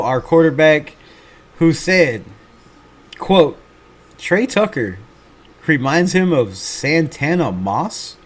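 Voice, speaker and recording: A man hosting a fan livestream, chatting casually and reading out viewer comments in a laid-back, swearing, self-mocking way. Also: fairly high pitch. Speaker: fan channel livestream host.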